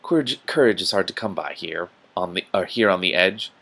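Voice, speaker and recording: A courteous, sorrowful male water troll from a storybook, as a man puts him on while reading aloud. He speaks mildly and with measured calm, in a lowish, soft voice that sounds a touch gloomy. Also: creaky, slightly rough, heavily acted.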